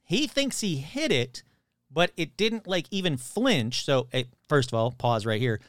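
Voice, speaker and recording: This man's voice sits on the high side and moves a little slowly, captured dry with clean studio sound. Retelling a story he heard in a casual, animated way, he acts out each person's voice with swearing, loose language.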